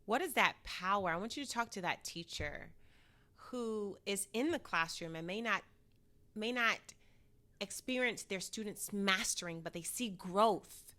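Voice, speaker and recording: An adult woman who has been teaching for several years hosts a podcast, chatting casually in an emphatic, encouraging way with frequent affirming murmurs. Her mid-range voice is expressive and sharp in tone, a little slow.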